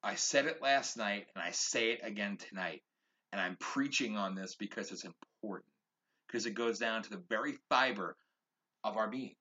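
A man's voice: on the low side, normal speed, pushed and bright, lo-fi sound. A man hosting his own podcast, delivering a fired-up social commentary rant that repeats phrases for emphasis. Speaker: podcast host.

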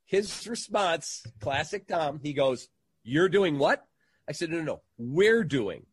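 A man, a sports radio entertainer, telling an animated anecdote in a casual interview and acting out the quotes. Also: fairly high pitch, a little slow, breathy edge, no echo.

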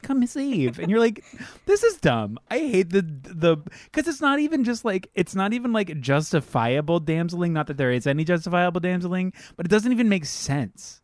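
Co-host with a lively, swooping voice, exasperated and sweary, in a dry booth. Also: medium pitch, a little fast, few pauses, dry recording. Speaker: podcast co-host. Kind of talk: casual chat.

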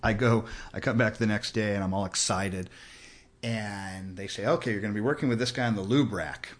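A man's voice: fairly low pitch, fairly quick. A man in his sixties from Los Angeles, a podcast guest telling stories casually, acting out the voices of people in his anecdotes. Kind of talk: casual storytelling. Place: host's house.

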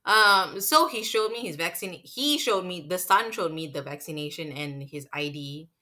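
A woman's voice: fairly low pitch, normal speed. A woman with a Singaporean English accent, a cinema manager, casually telling a story and acting out what customers said. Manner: animated, acts out customers' lines with swearing.

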